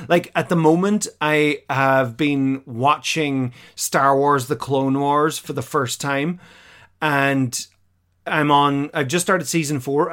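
A man's voice: on the high side, fairly bright tone. Chatty, hesitant man recapping an episode. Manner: chatty and hesitant, lots of fillers, laughs as he talks. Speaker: podcast co-host watching a classic series for the first time. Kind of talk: casual chat, recapping an episode.

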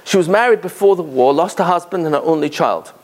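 Fiftyish guy preaching, pretty high voice, gets really fired up, lots of ums and restarts. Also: fast talker, darkish tone. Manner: impassioned, rising to emphatic peaks, many fillers and restarts. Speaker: Torah speaker. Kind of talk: sermon.

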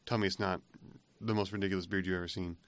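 A man's voice: low-pitched, fairly even intonation, quick pace, no room sound. Rambling man chatting on a podcast. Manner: rambling, laughs at his own retelling. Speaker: podcast co-host. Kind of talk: casual chat.

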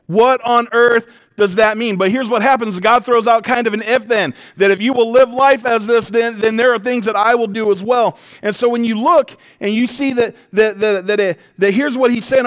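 A man preaching a sermon as a pastor, animated and emphatic, moving between loud declarations, quiet intensity and humorous storytelling. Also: very high-pitched. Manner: conversational storytelling with self-deprecating humor.

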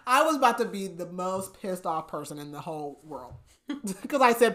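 Woman podcast host, casual book recap, fairly low voice, lively quoted lines. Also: fairly quick. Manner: animated retelling with voiced quotes and laughs.

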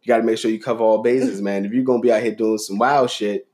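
A man's voice: lowish voice, fairly even intonation, fast, darkish tone. A young man co-hosting a casual podcast, talking emphatically and lecturing about rules among friends. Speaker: podcast co-host. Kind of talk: casual opinionated chat.

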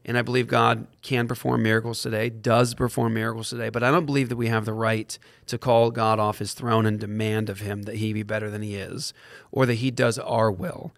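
A man with a gravelly, creaky voice, recorded close and dry, tells an earnest story as a podcast guest. He acts out what people said as he goes, and speeds up when he gets excited. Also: fairly low pitch, a little fast, dry recording. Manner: acts out quoted dialogue while telling a story. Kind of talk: animated storytelling in conversation.

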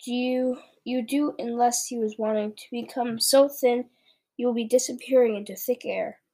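A woman reading aloud from a children's book, giving voice to a very old, kindly male giant with a playful, drawn-out delivery. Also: a little high, fairly even intonation, dark tone. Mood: gleeful.

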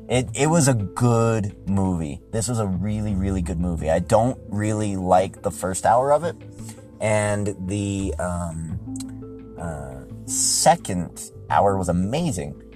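A man hosting a podcast, giving a casual, rambling movie review that gets excitable and profane when he is riled up. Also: sits low. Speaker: podcast host.

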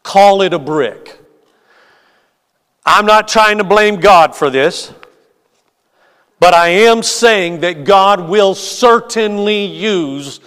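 A male pastor preaching and storytelling in a slow, deliberate rhythm, his voice sitting a little high for a man. He pauses often with small hesitant fillers, and a long hall reverb hangs after each phrase. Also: fairly bright tone, clear, resonant tone. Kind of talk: sermon with storytelling.

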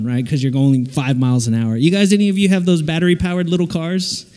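A man giving a jokey, animated sermon to young people, acting out little voices as he goes. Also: fairly high pitch, a little fast. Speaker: preacher. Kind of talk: lively sermon to a youth audience. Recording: long hall reverb.

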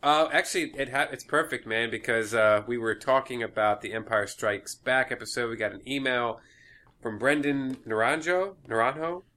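A man's voice: mid-range voice, normal speed, sharp tone. A man co-hosting a podcast, talking in easygoing, laid-back banter. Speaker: podcast co-host. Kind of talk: casual chat.

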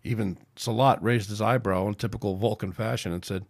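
A man's voice: fairly low pitch, a little fast, vocal fry, hardly any pauses, a little mellow, no echo, studio quality. Man reading his own sci-fi story. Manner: plain, unpolished reading with restarts. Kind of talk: amateur audiobook narration.

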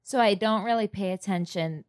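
On a dry, clean studio recording, a woman co-hosts a podcast with a medium-pitched voice at normal speed. Her casual chat is blunt, and she swears freely.

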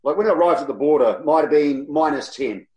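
A man, a guest telling travel stories in a casual, animated way and laughing often. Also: fairly high pitch, fast. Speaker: guest, long-distance cyclist. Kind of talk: casual storytelling interview. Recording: roomy echo.

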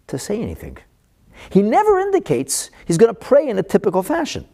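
Man teaching a Torah lesson, a little higher than most men, with a very lively pitch that swoops up when he stresses a verse. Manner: animated, slows down to stress Hebrew verses.

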